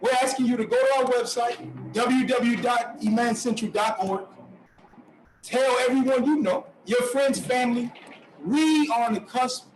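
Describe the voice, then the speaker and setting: High-voiced earnest male event host. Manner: earnest, appealing to donors. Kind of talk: closing remarks. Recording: roomy, distant, faint noise.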